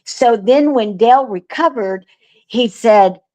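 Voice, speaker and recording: A woman guest telling a story in casual chat, earnest and animated, with lots of fillers. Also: a little high, takes it slowly. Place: remote call.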